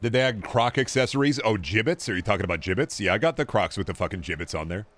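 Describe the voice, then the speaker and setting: A young man with a fairly low voice keeps up casual commentary while he plays a video game on stream. He rambles between thoughts, swears freely and answers his viewers as he goes. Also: lively intonation, fast talker, a bit bright. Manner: rambling, profane, chatting with viewers while playing.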